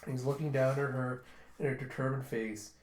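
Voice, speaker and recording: A man's voice: medium pitch, little pitch movement, brisk. Chatty man in an echoey room. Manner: chatty, retells with "he's like". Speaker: manga reviewer. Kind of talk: casual readthrough retelling.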